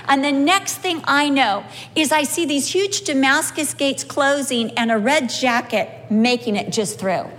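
Animated woman preacher in a reverberant hall. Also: a little high, slight background noise. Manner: animated, humorous storytelling. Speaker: speaker sharing a testimony. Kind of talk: sermon with personal storytelling.

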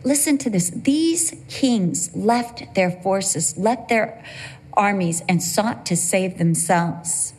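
A woman's voice: mid-range voice, expressive, takes it slowly, darkish tone, breathy edge. A middle-aged woman preaching a sermon in a church, conversational and storytelling, slipping into playful voices when she quotes people. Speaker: pastor.

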